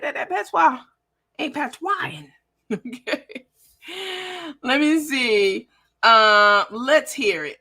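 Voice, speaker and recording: A brash woman hosting a livestream, swearing freely and addressing her viewers directly. Her voice sounds bright and sharp-edged. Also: fairly high pitch. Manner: brash and profane, talks straight to viewers. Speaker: livestream host. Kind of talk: casual livestream chat.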